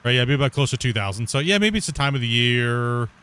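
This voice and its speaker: A man's voice: medium pitch, lively intonation, fast, a bit bright, smooth. A man chatting casually while streaming a game, rambling, repeating himself and laughing easily. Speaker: gaming streamer. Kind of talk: casual chat while playing.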